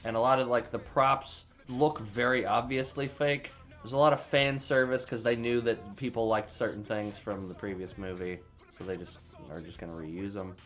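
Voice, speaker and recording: A man's voice: fairly low pitch, steady tone, normal speed, hardly any pauses, fairly bright tone, faint music behind. A man casually recapping a movie plot, rambling with frequent restarts and plenty of swearing. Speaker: movie reviewer.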